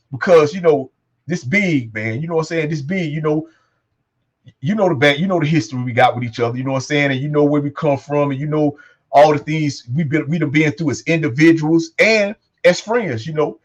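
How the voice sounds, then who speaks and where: Fast-talking, profane male talk host. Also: a little high, dull audio. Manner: loose, profane, repeats "man" and "you know what I'm saying". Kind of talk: casual talk show chat.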